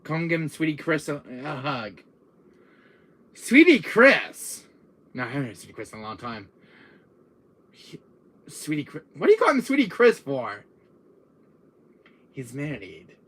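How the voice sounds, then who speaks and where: An exasperated man chatting on a live stream, laughing and bursting out loud. His voice is bright and a touch husky, and it swings widely up and down. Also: medium pitch, lively intonation, a little fast, pauses often. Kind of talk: casual live-stream chat with comic role-play.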